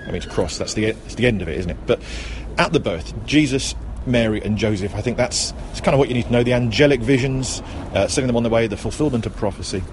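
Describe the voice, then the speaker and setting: A man's voice: mid-range voice, quick pace, hardly any pauses. A middle-aged man hosting a casual, chatty talk outdoors while out shopping, often correcting himself and joking. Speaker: host. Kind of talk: casual talk about Christmas history. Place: outdoors near a road, out shopping. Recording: outdoor street recording with faint traffic.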